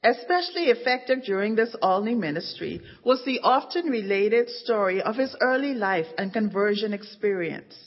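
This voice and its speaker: A woman's voice: medium pitch, expressive. Woman narrating in an echoing hall. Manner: measured storytelling with dramatic emphasis. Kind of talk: scripted narration. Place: church event stage. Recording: dull recording in an echoing hall.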